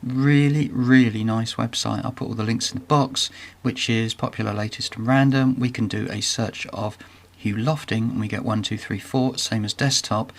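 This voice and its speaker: A man's voice: fairly low pitch, steady tone, normal speed. A middle-aged man hosting a casual screen-share walkthrough, talking chattily and with enthusiasm, with frequent ums and restarts. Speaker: video host.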